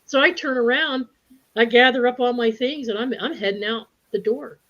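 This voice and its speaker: A woman speaking to a spiritual group tells stories casually in a group chat, at a normal speed and in a higher voice. She is animated, laughs often and acts out voices, and the livestream audio sounds dull and lo-fi.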